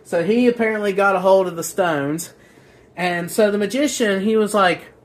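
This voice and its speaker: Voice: medium pitch, normal speed. A book reviewer rambling casually through a plot, crude and sarcastic, with filler words and restarts.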